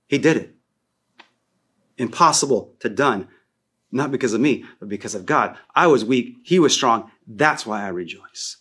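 A man preaching a sermon as a pastor, animated and repeating key phrases for emphasis. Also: mid-range voice, husky.

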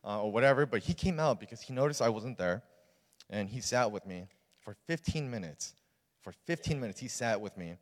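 Young male youth pastor, low-pitched, informal testimony with lots of "like" and "um", long hall reverb. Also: expressive, a little fast. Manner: casual, earnest storytelling with many fillers. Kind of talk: personal testimony in a sermon.

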